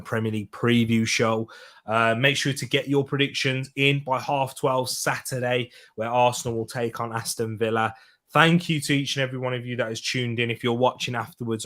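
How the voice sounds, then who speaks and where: A man's voice: mid-range voice, a bit bright. A man from the UK hosting a casual football preview show, chatting through predictions and reading out viewers' picks. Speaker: football podcast host.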